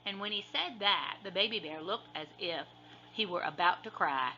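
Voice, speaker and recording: A woman librarian reading a children's story aloud in an expressive, sing-song storytelling way. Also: fairly low pitch, normal speed, slight background noise. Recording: dull lo-fi recording.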